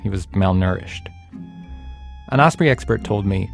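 A man giving scripted, measured, reflective narration. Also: on the low side, vocal fry, soft background music. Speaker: radio storyteller.

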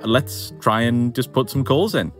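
A young English man casually recounting a story, animated and amused, acting out quotes. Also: mid-range voice, a little slow, soft background music. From England. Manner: animated, amused, quoting himself. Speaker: interviewee telling his story.

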